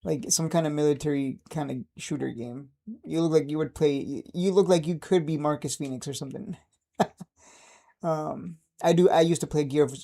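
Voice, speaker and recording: Streamer type, man in his 30s, mellow tone, keeps chuckling between remarks. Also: a little high, vocal fry. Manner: laughs often, chuckling and upbeat. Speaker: stock trading streamer. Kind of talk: casual livestream chat.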